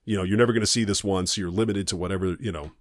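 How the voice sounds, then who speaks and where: A man with a low, deep voice chats on a podcast with cheerful profanity and frequent laughter. His voice sounds dry and close to the microphone, with no room around it. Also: steady tone, very fast, no room sound. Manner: profane, enthusiastic, laughs often. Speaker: podcast co-host. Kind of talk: casual podcast chat.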